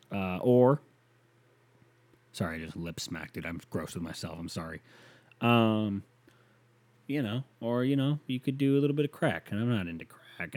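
A man hosting a solo podcast, rambling and swearing as he answers listener email, swinging from loud rants to muttered asides. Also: deep voice. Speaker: podcast host.

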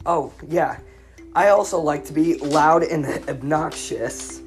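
Low-voiced stuttering woman rambling to mic. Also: slow, faint music behind. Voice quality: stutters, repeats words. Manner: self-mocking, jumps between loud outbursts and mumbling. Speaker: podcast host. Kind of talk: rambling solo podcast. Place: home recording studio room with her dog.

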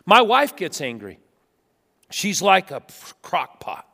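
A man with a notably high voice delivers a lively sermon in a church sanctuary. He tells stories with humor and swings from near-shouts to quiet, pointed remarks. His voice rings out with the long reverb of a big hall. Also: slow, creaky. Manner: animated storytelling with humor, swinging from loud to hushed. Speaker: pastor.

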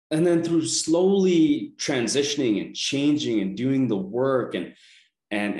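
A man's voice: medium pitch, a little mellow, echoey room. A man telling his personal story as a self-help coach, earnest and rambling, often restarting his sentences.

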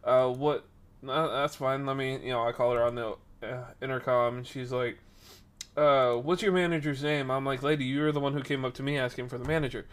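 A young man casually telling a workplace story on a stream, acting out the people in it and getting loud at times. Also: medium pitch, fairly quick, smooth. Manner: animated, acts out quoted voices, rises to loud outbursts.

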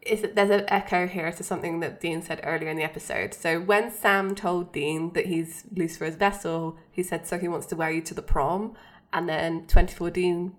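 A woman's voice: fairly low pitch, steady tone, moderate pace. A woman co-hosting a podcast, recapping a TV episode in a chatty, casual way with lots of fillers. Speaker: podcast co-host.

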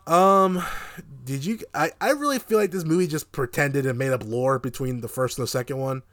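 A man's voice: medium pitch, brisk, dry recording. A man co-hosting a casual podcast about a movie, swearing freely and laughing often as he rants. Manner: animated, profane, laughing often. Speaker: podcast co-host. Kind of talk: casual movie review chat.

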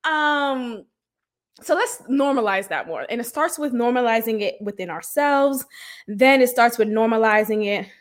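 Blunt, high-voiced woman podcaster. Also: normal speed. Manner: blunt, frank and animated, with profanity and laughter. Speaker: podcast host. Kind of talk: candid solo podcast talk.

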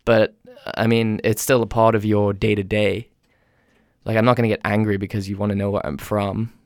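A young man from England with an English accent softened by years in North America, talking in a casual, rambling, self-deprecating monologue. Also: fairly low pitch, little pitch movement, moderate pace, no room sound, studio quality.

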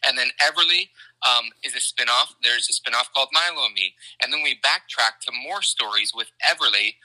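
A man from Canada talks about his books in loose, excited conversation. His voice is very bright and forward, and he keeps restarting sentences through a stream of fillers. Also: mid-range voice, fairly quick, poor audio. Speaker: children's book author. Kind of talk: casual conversation.

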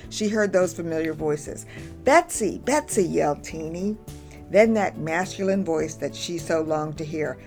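Low-voiced woman reading a story. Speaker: narrator. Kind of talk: storybook narration.

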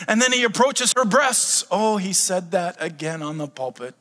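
A middle-aged man preaches in a church sanctuary, his high, bright voice turning animated and humorous. He jokes and builds to excited shouts, and long reverb rings through the hall behind him. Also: moderate pace. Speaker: pastor. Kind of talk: sermon.

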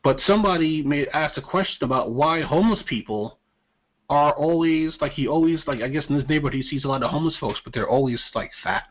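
A man's voice: a little high, fast. A man hosting a podcast, talking casually about politics in a crude, profane, joking way. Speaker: podcast host. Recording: dull lo-fi audio.

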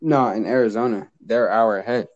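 A man's voice: on the low side, fairly quick, darkish tone. A man hosting a podcast in casual chat, laid-back and slangy with a lot of swearing. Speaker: podcast host. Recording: dull lo-fi audio.

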